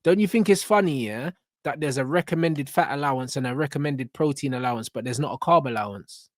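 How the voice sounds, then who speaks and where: A man's voice: medium pitch, fairly quick, dry recording, studio quality. Blunt slangy man ranting. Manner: blunt, slangy, swearing, emphatic. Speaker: reaction channel host. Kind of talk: ranting reaction commentary.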